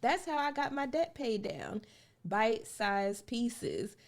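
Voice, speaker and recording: A woman's voice: a little high, expressive, slow, vocal fry. A woman hosting a personal finance live stream, talking casually and earnestly to her viewers and repeating her points for emphasis. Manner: chatty, addresses viewers directly as "y'all". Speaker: personal finance show host.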